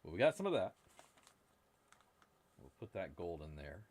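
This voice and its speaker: A man's voice: low voice, sing-song, moderate pace, a little mellow, slight background noise. A man hosting a casual live stream, joking and rambling to his viewers while he works at a workbench. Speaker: live-stream host prospecting for gold. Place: indoor workbench.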